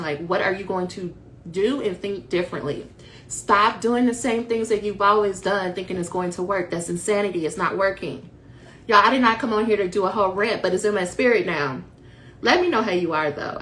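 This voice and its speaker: A woman's voice: lowish voice, a bit bright, a little hiss or hum. A woman coaching dissertation writers on a livestream, speaking emphatically and calling her viewers "y'all" as she rants and encourages them. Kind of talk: motivational livestream talk to viewers.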